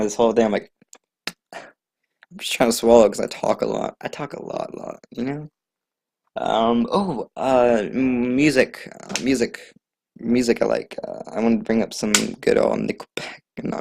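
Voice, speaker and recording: A man's voice: medium pitch, lively intonation, moderate pace, gravelly, a little mellow, a little hiss or hum. A young man hosting his own casual solo podcast, rambling and joking at his own expense. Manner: rambling, jokey, self-deprecating; loose, chatty, trails off with many fillers. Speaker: podcast host.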